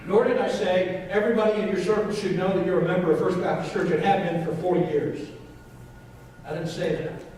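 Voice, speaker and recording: A man with a high, slightly mellow voice preaches a sermon as a pastor, repeating points emphatically and putting questions to the congregation. He is in a church sanctuary, captured by a distant mic in an echoey hall.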